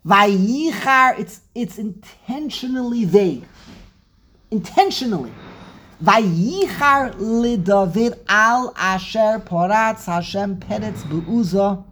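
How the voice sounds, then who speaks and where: Husky, emphatic woman teaching Torah. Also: medium pitch, lively intonation, takes it slowly, a bit bright. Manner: emphatic, dramatic, stumbling restarts, rhetorical questions. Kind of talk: animated Torah class.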